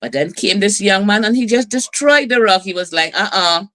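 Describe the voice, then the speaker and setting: A middle-aged woman host, telling stories and preaching in a lively community broadcast. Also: medium pitch, a little fast. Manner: lively, preachy storytelling with laughs and asides.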